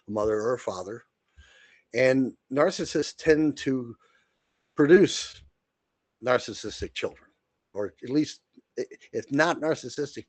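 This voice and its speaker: A man co-hosts a podcast and holds forth in a blunt, rambling way, restarting his sentences often. His voice sits at an ordinary middle pitch. The recording is dry and close, with little room sound. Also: no room sound. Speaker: podcast co-host. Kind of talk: casual monologue.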